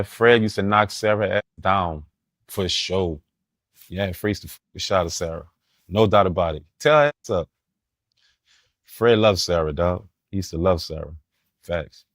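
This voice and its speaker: A man telling a casual story in street slang as a podcast guest, laughing and animated, often asking if you follow him. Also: low-pitched, normal speed, pauses often, no room sound, studio quality.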